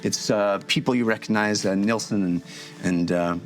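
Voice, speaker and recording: A man narrating a tabletop game as game master, descriptive and halting. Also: lowish voice, soft background music. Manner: halting, descriptive, many fillers and restarts.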